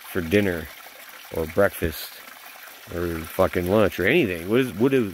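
A deep-voiced man in his forties delivers a bitter vlog rant that is thick with swearing. His voice sits very low. Faint running water trickles behind him. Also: normal speed, a little hiss or hum. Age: 40s. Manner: bitter, profane ranting. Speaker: vlogger. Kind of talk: venting vlog monologue.

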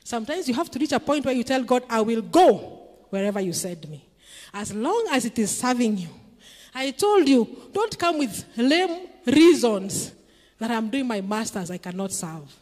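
A woman's voice: fairly high pitch, animated, moderate pace, a little mellow, in a large hall. A middle-aged woman from Kenya preaching a sermon in a church, emphatic and asking the congregation questions. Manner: emphatic, call-and-response questions.

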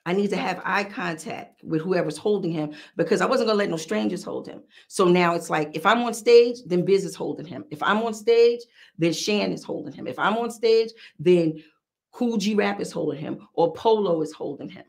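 A middle-aged woman with a New York accent, hosting a podcast and telling a story in a casual, animated, profane way. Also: fairly low pitch, moderate pace, vocal fry. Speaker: podcast host.

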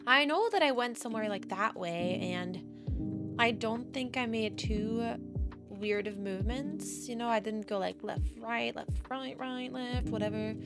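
A woman giving casual, chatty gameplay commentary, easily excited and gasping at new finds. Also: a little high, a little slow. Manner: chatty, excitable, gasps at discoveries. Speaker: Minecraft gaming creator. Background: background music.

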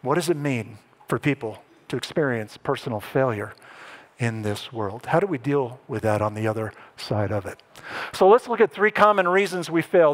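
A man preaching a sermon as pastor, animated and dramatic, acting out the lines he quotes. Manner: animated, acts out quoted lines with rising pitch and emphasis.

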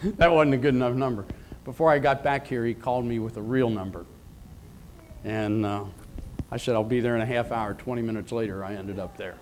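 A man's voice: medium pitch, brisk, a little mellow, slight background noise. A man in his seventies preaching a sermon, emphatic and repetitive, leading the congregation in call-and-response. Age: 70s. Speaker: pastor.

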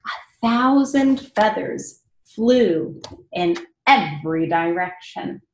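A woman reading a picture book aloud to children, expressive and pausing to ask them questions. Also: lowish voice, slight background noise. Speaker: read-aloud storyteller for children. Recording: echoey room.

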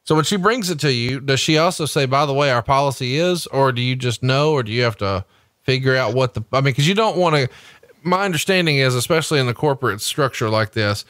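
A man's voice: medium pitch, a bit bright, no room sound, clean studio sound. A man co-hosting a podcast, doing a salesy ad read and then asking questions in a casual way. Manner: salesy and emphatic, spells out web addresses slowly. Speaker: podcast co-host.

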